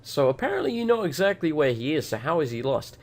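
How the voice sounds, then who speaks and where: A man with a fairly high, sing-song voice talks fast as he casually narrates his gameplay for a let's play. He's brash and profane, and his voice keeps cracking. Game music plays behind him.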